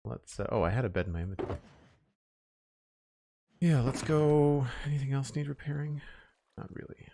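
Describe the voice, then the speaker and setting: A man's voice: medium pitch, normal speed, gravelly, long pauses, slight background noise. A man streaming a building game, chatting casually with his viewers while he works. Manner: relaxed, chatty, talks to chat while building. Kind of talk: casual live-stream chat while playing.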